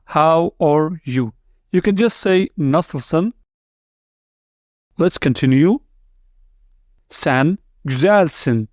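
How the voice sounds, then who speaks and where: Slow, careful man teaching words. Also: on the high side, lively intonation, darkish tone, no echo, clean studio sound. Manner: repeats words slowly, syllable by syllable; non-native English with small grammar slips. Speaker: language teacher. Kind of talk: slow, deliberate language lesson.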